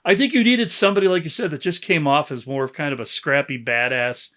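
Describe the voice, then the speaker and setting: A man's voice: on the high side, fast, bright, forceful tone. A man co-hosting a film review podcast, giving blunt, wry opinions in casual chat. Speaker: podcast co-host.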